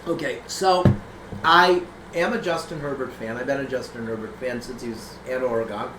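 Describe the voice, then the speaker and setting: A man hosting a casual sports podcast, animated and quick to laugh. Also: medium pitch, echoey room, background noise. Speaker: podcast host.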